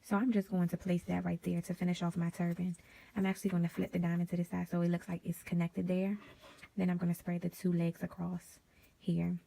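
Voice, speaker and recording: A woman hosting a casual sewing tutorial, chatty and drifting into quiet whispered asides as she works. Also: on the low side, monotone, a little fast, gravelly. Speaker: DIY sewing vlogger.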